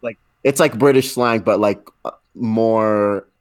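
A man's voice: on the low side, slow, no room sound. A man from Canada talking in a casual, slangy way with plenty of fillers. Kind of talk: casual chat.

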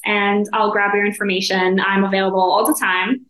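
A woman's voice: medium pitch, steady tone, brisk, a bit bright, roomy sound, poor audio. A woman from Israel, a guest at an arts council, chatting casually and laughing often in an interview.

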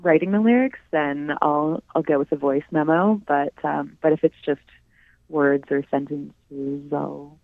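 A woman's voice: low voice, steady tone, measured pace, no room sound. Giggly woman on a tinny phone line. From Canada. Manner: giggly, hesitant, lots of ums. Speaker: singer-songwriter guest. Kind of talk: casual interview. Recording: dry, phone-like narrow sound.

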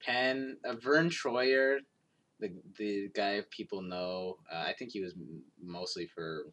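Male co-host, lowish voice, halting delivery with repeated words and near-whispered asides. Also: fairly bright tone. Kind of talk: casual film discussion.

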